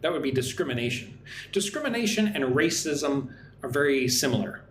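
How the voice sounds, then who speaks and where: A man teaching an English lesson on a livestream, chatting with viewers and modelling pronunciation slowly, often asking "right?". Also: mid-range voice, sing-song, fairly bright tone, a little hiss or hum. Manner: friendly, repeats "right?" often, slow careful modelling of words. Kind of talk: live-streamed English lesson. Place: home in Vietnam. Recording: echoey room with faint ambience.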